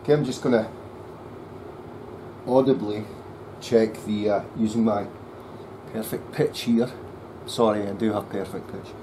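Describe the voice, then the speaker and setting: A man working as a luthier, muttering to himself as he sets up a bass in his workshop. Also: steady tone, a little slow, background noise. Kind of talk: workshop commentary.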